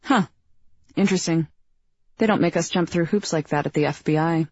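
Lady reading as a dry teasing teen girl, low husky voice, kinda dull audio. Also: moderate pace, a little mellow, dry recording. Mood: deadpan. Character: playful teenage girl at an airport.

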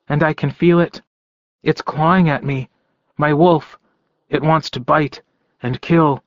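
Slow rhythmic male audiobook narrator. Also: a little high, no room sound, lo-fi sound. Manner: slow, rhythmic, repetitive, incantatory delivery. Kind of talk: first-person audiobook narration.

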